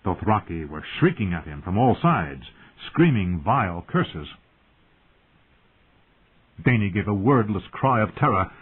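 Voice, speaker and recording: A man narrating a fantasy audiobook in a measured, tense storytelling manner. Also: on the low side, big pitch swings, slightly rough. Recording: tinny phone-like audio.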